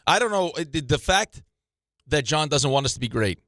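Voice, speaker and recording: A man co-hosting a sports radio show, teasing his partner in quick, casual banter. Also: fairly high pitch, expressive, fairly bright tone, dry recording, studio quality.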